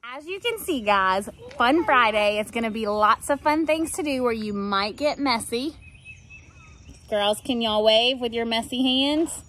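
A woman's voice: a little high, lively intonation, unhurried, a bit bright. A woman art teacher demonstrating a craft project outdoors, giving patient, coaxing instructions to young children.

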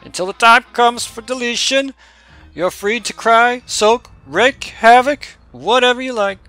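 A man's voice: very high-pitched, a little slow, bright, forceful tone, soft background music, pitched above the performer's own voice, exaggerated voice, poor audio. A man voicing a cold, aloof figure who runs a test server, in a lofty, detached way.

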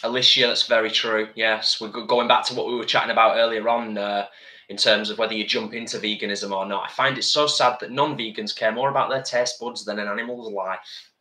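A man's voice: lowish voice, fairly even intonation, fairly quick, pushed and bright, roomy sound. Chatty man reading viewer comments. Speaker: co-host of a live vegan cooking stream. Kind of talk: casual live-stream chat. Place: home kitchen.

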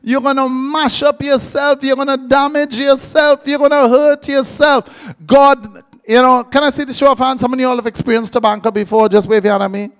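A man's voice: very high voice, steady tone, fairly quick, a bit bright, clear, resonant tone. A man preaching a live sermon, joking and quizzing his congregation. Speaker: pastor.

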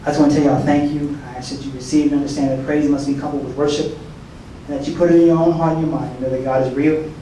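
A high-voiced man preaching at a prayer breakfast in a folksy, joking way. He acts out the voices of people he quotes. His voice is picked up from a distance and echoes around a big hall over faint noise. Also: level tone, fast, warm tone. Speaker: soldier giving a prayer breakfast talk. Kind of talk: sermon.

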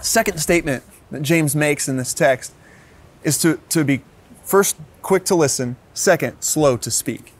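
A man's voice: a little high, measured pace. A man in his thirties, a pastor giving a sermon in an earnest way, often repeating words as he restarts.

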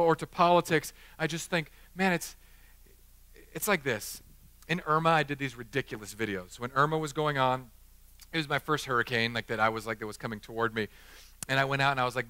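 A man's voice: sits high, pushed and bright, no echo. A male pastor preaching a sermon in church, with earnest preaching mixed with casual storytelling.

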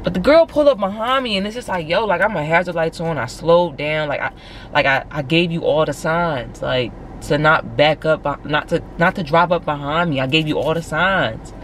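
A woman's voice: sits low, moderate pace, a little hiss or hum. Chatty young Philadelphia woman vlogging. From Philadelphia, USA. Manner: animated, chatty, heavy use of "like". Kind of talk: casual vlog storytelling.

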